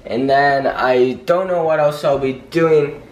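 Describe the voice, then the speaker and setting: Male vlogger, casual chat, slow filler-heavy talk, distant camera mic, very roomy echo. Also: a little high, a little mellow. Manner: unhurried, filler-heavy explaining. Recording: echoey room, far from the mic.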